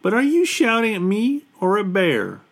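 Guy doing a meek polite moose in a kids story, high and gentle. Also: huge pitch swings, moderate pace, heavily acted. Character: timid, polite ordinary male moose.

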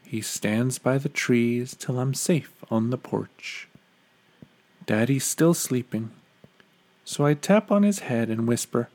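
A man reads a bedtime story at an extremely unhurried pace. His voice is calm, gentle and soothing, sitting at an ordinary middle pitch for a man. He lingers on each phrase.

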